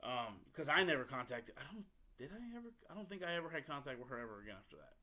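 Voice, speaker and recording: Blunt, foul-mouthed podcast host, bright voice. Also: male voice, mid-range voice, very animated, fast. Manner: blunt, profane, rambling with restarts. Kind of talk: casual storytelling monologue.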